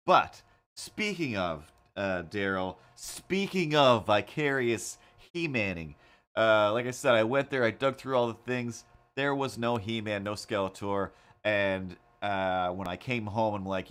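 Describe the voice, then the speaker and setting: A man with a fairly low voice chats casually on his livestream as he draws. He tells rambling, animated stories full of fillers and restarts, talking into a desk mic at home. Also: moderate pace. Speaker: livestream host. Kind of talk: casual livestream chat while drawing.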